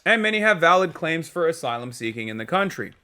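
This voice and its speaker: A man's voice: fairly high pitch, sing-song, fast talker, pushed and bright. A man streaming live, reacting to news clips with emphatic, profane, rambling commentary full of fillers. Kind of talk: casual political commentary.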